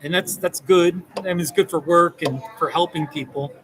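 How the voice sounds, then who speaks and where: A man who works as a therapist, talking casually and gently to the camera, rambling and reassuring. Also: sits high, normal speed, slight background noise, low-quality recording. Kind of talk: casual direct-to-camera talk.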